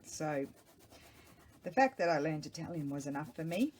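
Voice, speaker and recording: A woman's voice: low-pitched, animated, normal speed, a little mellow, a little hiss or hum. A middle-aged woman, chatting casually and rambling to herself while she works on a craft project at home. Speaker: craft vlogger. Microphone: small microphone.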